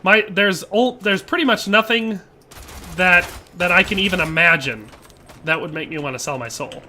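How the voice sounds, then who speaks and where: A man's voice: high voice, moderate pace, bright, forceful tone, a little hiss or hum. A man, chatting casually and rambling with jokes while streaming a game and reading chat aloud. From Wisconsin, USA.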